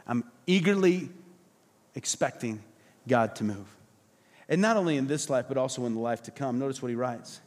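A man preaching a passionate sermon as pastor, emphatic and repetitive, at times dropping to soft, low tones. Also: lively intonation, normal speed, in a large hall. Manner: acts out quoted voices, drops to soft low tones. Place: church hall.

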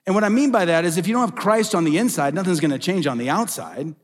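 A man's voice: sits high, animated, fast. A middle-aged male pastor preaching a sermon, emphatic, with repeated phrases and rhetorical questions. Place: church sanctuary. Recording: long reverb of a large hall.

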